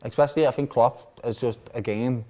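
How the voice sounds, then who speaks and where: A man, co-hosting a live football watch-along and reacting excitably to the match. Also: mid-range voice, a little fast. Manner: excitable, shouts and laughs at goals.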